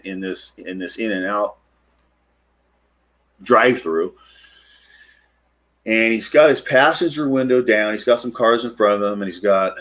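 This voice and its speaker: A middle-aged man, a podcast guest, retelling a personal encounter in an animated way and acting out the quotes. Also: fairly low pitch, slightly rough. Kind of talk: storytelling interview.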